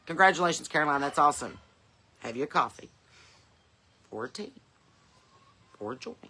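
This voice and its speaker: A Southern woman holds forth in casual porch chat, blunt and folksy, never shy about swearing. Her voice is bright and forward. Chickens cluck faintly in the outdoor air around her. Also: low voice, expressive, moderate pace, a little hiss or hum. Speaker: podcast host.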